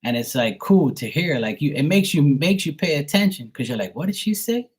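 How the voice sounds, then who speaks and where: A man's voice: mid-range voice, lively intonation, a little fast, breathy edge. Laid-back Bermudian man chatting casually. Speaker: live tarot reader. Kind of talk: casual live-stream chat.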